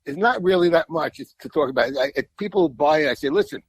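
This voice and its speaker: A man's voice: a little high, animated, quick pace, poor audio. Rambling older man. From New York. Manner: rambling storyteller, repeats words, colorful and blunt. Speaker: guest musician. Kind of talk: casual interview chat.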